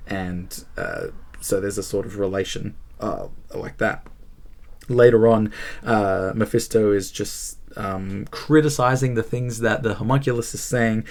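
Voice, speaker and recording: A man's voice: on the low side, animated, moderate pace, darkish tone. A man hosting a book channel, talking casually about a book he is reading, thinking aloud with frequent fillers and restarts. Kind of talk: casual spoken book review.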